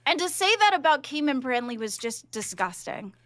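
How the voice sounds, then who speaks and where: A high-voiced woman, a regular on a livestream show, talks in a heated, emphatic way. Her voice is bright and edged and goes squeaky when she gets loud. The sound is dry and close. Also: sing-song, moderate pace, dry recording. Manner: worked-up, emphatic ranting. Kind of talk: livestream reaction chat.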